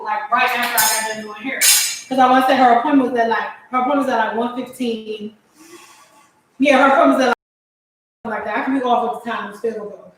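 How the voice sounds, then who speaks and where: A young woman with a slightly high voice spins a rambling story for her vlog, circling back and restarting her sentences and leaning on "like" all the way through. She talks casually while cooking at home, and her voice bounces around a very echoey room with a faint hiss of noise. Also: fairly bright tone. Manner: rambling, with many restarts and filler "like". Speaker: hairstylist.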